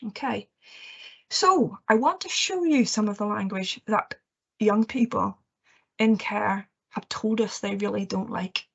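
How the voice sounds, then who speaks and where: A woman's voice: mid-range voice, a little slow, creaky, breathy edge. A woman giving a training presentation to teachers, earnest and reassuring, often checking in with "okay". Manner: earnest, reassuring, with frequent okays and ums. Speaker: education trainer. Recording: muffled lo-fi recording.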